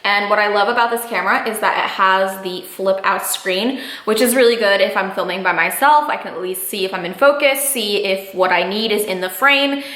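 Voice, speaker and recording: A woman's voice: medium pitch, brisk, few pauses, a bit bright. A woman in her twenties vlogging casually to camera, candid and emotional, swearing freely and saying "like" a lot. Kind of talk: casual vlog talk to camera.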